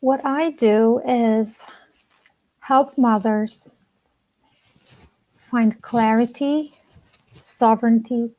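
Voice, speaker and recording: A woman relationship coach speaking slowly and deliberately to camera, soft-spoken with long pauses, in a personal talk. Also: a little high, fairly even intonation. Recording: dull lo-fi sound.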